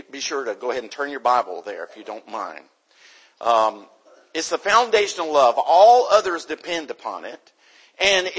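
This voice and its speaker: Male preacher from the US, slow emphatic delivery with a lively rise and fall, fairly high voice. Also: slightly rough, poor audio. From United States. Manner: emphatic, repeats key points. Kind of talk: sermon. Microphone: microphone.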